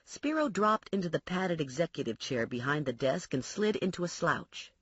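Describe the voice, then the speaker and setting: A woman narrating an audiobook in a wry, expressive storytelling manner, with a husky voice. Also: low voice, normal speed, dry recording, highs cut off.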